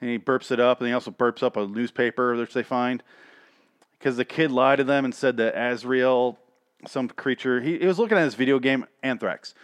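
A man's voice: medium pitch, moderate pace, no room sound. A man recapping a cartoon in a crude, rambling comedic rant that grows exasperated.

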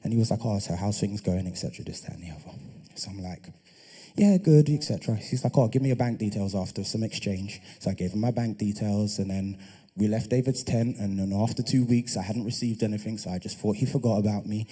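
A young adult man preaching, telling a personal testimony in an animated way that builds to loud, impassioned preaching. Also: fairly low pitch, fairly quick, husky.

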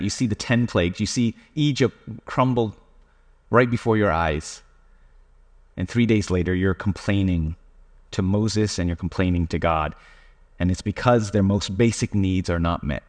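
Guy giving a chatty sermon, lots of uhs, jokes at his own expense, big echoey church. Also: medium pitch. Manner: conversational, self-deprecating, many fillers. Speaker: preacher. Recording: reverberant hall.

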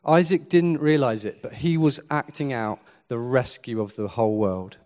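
A man preaching a sermon, earnest and swinging from quiet to emphatic. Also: mid-range voice, normal speed.

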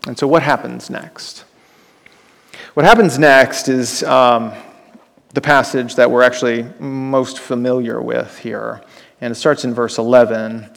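A man's voice: mid-range voice, fairly even intonation, measured pace, vocal fry, fairly bright tone, big-room sound. A male pastor preaching a sermon, retelling scripture dramatically and asking the listeners rhetorical questions.

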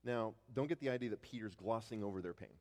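A man preaching a sermon as pastor, often repeating words as he restarts, rising to loud declarations and dropping to hushed tones. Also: fairly low pitch, fast talker, in a large hall.

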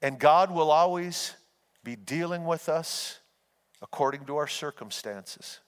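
A man's voice: on the high side, measured pace, smooth. A man preaching a sermon as pastor, telling homespun stories and urging his listeners on. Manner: folksy storytelling, earnest and exhorting. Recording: long hall reverb.

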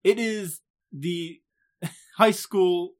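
A man co-hosting a podcast, recapping anime episodes in casual, animated chat and often laughing. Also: high-pitched, very slow. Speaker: podcast co-host.

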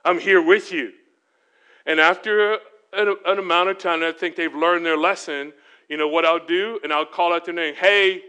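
A man's voice: a little high, steady tone, moderate pace, sharp tone, clear, resonant tone. A middle-aged man preaching a sermon as guest speaker. He asks the audience questions and answers them himself, and acts out the voices he quotes.

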